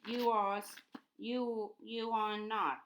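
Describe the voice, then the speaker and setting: A woman's voice: medium pitch, flat delivery, fairly bright tone, slight background noise. A woman voicing a suspicious, jealous teenage schoolboy wizard in her own voice, stumbling over the lines. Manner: accusing, halting.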